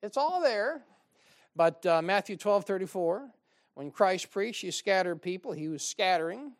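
A man's voice: high voice, expressive, unhurried. Pastor, man, joking sarcastic pulpit delivery. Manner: joking, sarcastic preaching with frequent laughs. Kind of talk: sermon.

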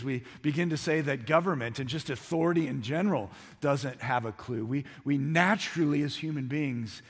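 A man preaching a sermon as pastor, emphatic, building to near-shouts on key points. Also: medium pitch. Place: church sanctuary. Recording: long reverb of a large hall.

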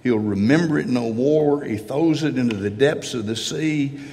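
An earnest male pastor preaching from the pulpit, his voice carrying with a long hall reverb. He speaks at a middle pitch and slips into first-person prayers to make his point. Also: moderate pace, mellow. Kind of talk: sermon. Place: church sanctuary.

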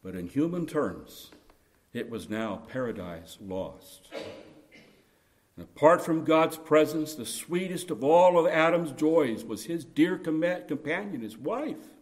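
A man's voice: fairly high pitch, animated, slow pace. A man preaching a sermon earnestly, building to impassioned emphasis at key points. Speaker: pastor.

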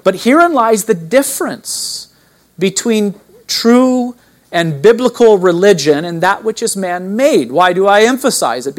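A man preaching a sermon as pastor, emphatic, asking the listeners questions and slowing down to stress key words. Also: fairly high pitch.

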